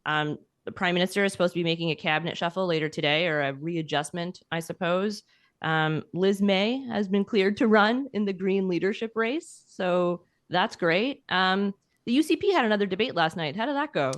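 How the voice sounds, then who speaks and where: A woman's voice: fairly low pitch, normal speed, dry recording. A Canadian woman co-hosting a podcast, running through headlines in a chatty way with lots of ums and likes. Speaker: podcast co-host. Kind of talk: casual news chat.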